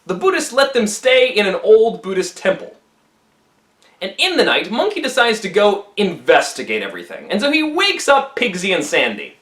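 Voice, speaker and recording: A man retelling an old legend in a casual, animated storytelling style with jokey asides. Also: sits high, normal speed. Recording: roomy echo.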